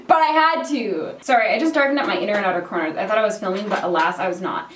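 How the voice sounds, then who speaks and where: A woman's voice: medium pitch, quick pace, far from the mic, slight background noise. A young Canadian woman in her twenties chatting casually while doing her makeup, full of filler words and casual swearing. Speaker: beauty vlogger. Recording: roomy sound, mic set back.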